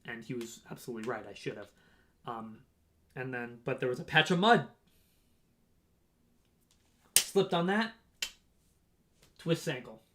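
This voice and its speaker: A man's voice: mid-range voice, a little slow, long pauses, a bit bright. A young man casually telling a rambling story about a race, with frequent "right?" and "um" asides. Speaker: runner on a race team.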